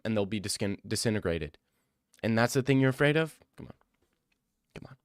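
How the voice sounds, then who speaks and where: A man's voice: fairly low pitch, smooth, no room sound, studio quality. A young man chatting casually on a livestream, rambling and joking with slang. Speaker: streamer.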